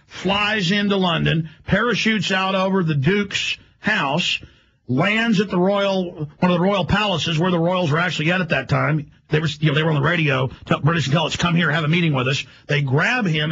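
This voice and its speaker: A man hosting a radio show, delivering a rapid, emphatic, rambling monologue. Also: on the high side, a bit bright, husky, highs cut off.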